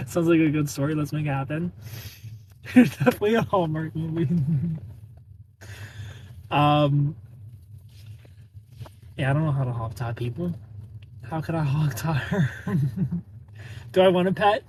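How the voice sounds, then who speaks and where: A man's voice: on the high side, a little slow, long pauses, darkish tone, slight background noise. Playful, laughing male live streamer. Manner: greets viewers by name, laughs often, playful. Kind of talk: casual live-stream chat.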